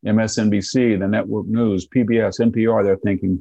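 A man's voice: fairly low pitch, little pitch movement, a little fast, hardly any pauses, warm tone, dry recording, lo-fi sound. A man in his sixties giving sardonic political commentary in an interview, often mocking opponents in quoted voices. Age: 60s. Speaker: guest commentator.

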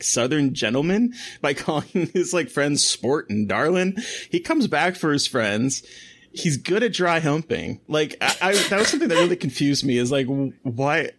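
A man's voice: on the high side, a bit bright. Man chatting with lots of fillers. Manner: halting, with many fillers and restarts. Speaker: podcast co-host. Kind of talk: casual chat.

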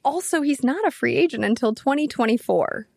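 Brief: female sports podcast co-host, bold and teasing, fairly high voice, dry booth sound. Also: lively intonation, fairly quick, gravelly, darkish tone, no room sound. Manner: bold, teasing, running the segments. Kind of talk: casual sports chat.

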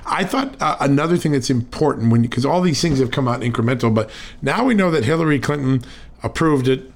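Male interview host, measured and questioning, political talk. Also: medium pitch, lively intonation, slight background noise.

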